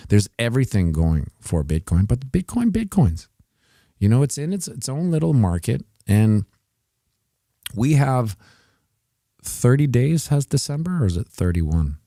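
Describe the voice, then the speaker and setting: A man's voice: mid-range voice, sing-song, measured pace, mellow, dry recording, clean studio sound. A man hosting a casual livestream, rambling and joking through market commentary with many restarts. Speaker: host of a crypto price livestream. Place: home setup with TVs.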